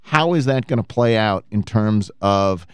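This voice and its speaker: A man's voice: fairly low pitch, lively intonation, a little slow, dry recording, studio quality. A man hosting a sports talk radio show, teasing his co-host and leading into guest questions. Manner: teasing, mock-prosecuting banter and crisp show segues. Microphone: studio microphone.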